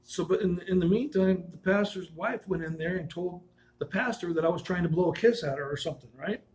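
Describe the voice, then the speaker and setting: A man's voice: high-pitched, fairly quick, darkish tone, low-quality recording. A man casually telling personal stories in a rambling way, restarting and correcting himself and chuckling as he goes.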